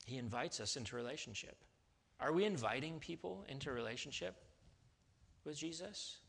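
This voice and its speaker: Guy giving a sermon, bright forceful voice, chatty, keeps restarting and then leaning hard on words. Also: medium pitch, lively intonation, moderate pace, gravelly, long pauses. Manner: conversational, with restarts and sudden emphatic rises. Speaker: pastor.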